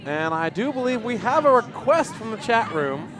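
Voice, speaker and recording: A man's voice: very high voice, sing-song, normal speed, a crowd in the background. A man calling play-by-play on a livestream with a dry wit, steering talk back to the game. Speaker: curling play-by-play commentator. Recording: noisy background.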